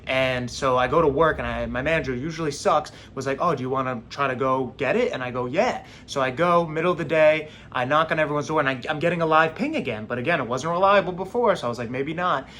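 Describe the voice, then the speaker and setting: A young man recounts a personal story in a casual, animated way, slipping into the voices of the people he met along the way. His voice sits slightly high. A faint low rumble runs underneath the recording. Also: fast talker, few pauses. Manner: animated, acts out quoted voices. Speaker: vlogger telling a story.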